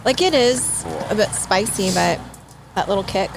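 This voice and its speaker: A woman's voice: medium pitch, expressive, moderate pace, creaky. Gushing woman tasting food outdoors. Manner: enthusiastic, eating while talking. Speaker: podcast co-host. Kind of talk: casual chat. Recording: outdoor noise in background.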